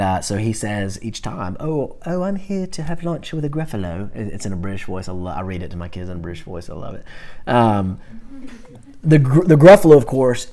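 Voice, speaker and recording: Low-voiced man teaching a Bible class. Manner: animated, conversational, talks with the class.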